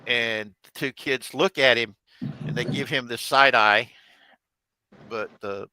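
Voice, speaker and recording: A man narrating as game master of a tabletop game, halting and correcting himself as he goes. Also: mid-range voice, steady tone, pushed and bright, dry recording, rough recording. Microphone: desk mic on a live stream.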